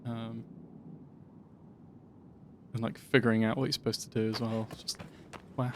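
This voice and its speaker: A man's voice: mid-range voice, flat delivery, moderate pace, slight background noise. A man streaming a video game, giving chatty, rambling live commentary as he plays. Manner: chatty, rambling, easily sidetracked. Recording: loud game music behind.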